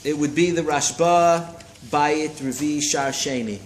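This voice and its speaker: A man teaching a Talmud class in a study hall, lively and constantly checking in with his listeners. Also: fairly high pitch, measured pace. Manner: animated, keeps checking in with listeners. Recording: roomy echo, faint hiss.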